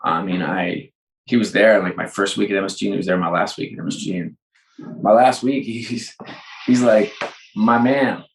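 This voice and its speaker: A man's voice: deep voice, moderate pace. A middle-aged man, a business leader, talking in an interview, telling stories and acting out the dialogue. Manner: animated storyteller, acts out dialogue. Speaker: sports executive guest. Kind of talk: conversational interview. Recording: roomy echo.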